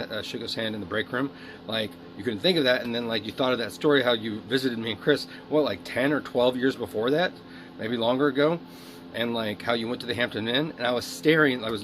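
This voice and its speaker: A man's voice: medium pitch, a bit bright. Guy ranting into his video diary, rambling and swearing, noisy hiss behind him. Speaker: video diarist.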